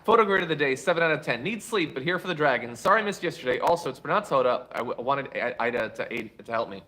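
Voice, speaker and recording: Animated, chatty male show host. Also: medium pitch, quick pace. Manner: animated, chatty, wry asides to viewers. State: tired. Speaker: political commentary show host. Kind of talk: live show commentary and reading super chats.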